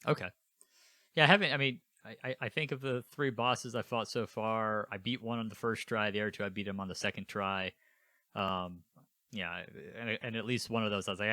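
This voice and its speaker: Fast-talking man with a bright voice. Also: lowish voice, steady tone, dry recording, clean studio sound. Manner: rambling, stumbles over restarts. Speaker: podcast co-host. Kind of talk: casual chat.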